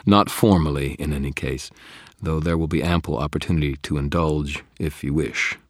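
A man's voice: very deep voice, moderate pace, dry recording, clean studio sound. A man voicing a suave, cheerful young male vampire aristocrat, genteel and mock-polite, in an audiobook. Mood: genial explaining. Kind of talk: audiobook character voice.

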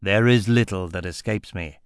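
A shrewd older merchant, calculating and measured, speaking slowly with a low, level voice, as a male narrator plays him. The reading is close and dry. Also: clear, resonant tone, dry recording, lightly acted. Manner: slow, deliberate.

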